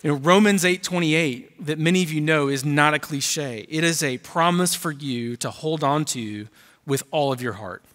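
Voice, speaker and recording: A man's voice: on the high side, moderate pace, fairly bright tone. Preaching man in a reverberant hall. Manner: reads scripture aloud, building emphasis. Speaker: pastor. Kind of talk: sermon. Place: church auditorium.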